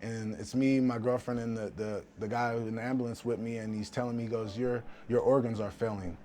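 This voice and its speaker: A man, a professional fighter, telling a story in a casual interview, animated and acting out quoted voices with frequent restarts. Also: medium pitch, fairly quick.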